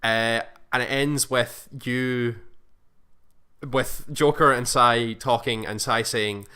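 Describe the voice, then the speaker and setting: Bright-voiced man recapping a story. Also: medium pitch, steady tone, takes it slowly, clean tone. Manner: rambling, self-correcting, acts out quoted lines. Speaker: podcast co-host. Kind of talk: casual chat, recapping a game plot.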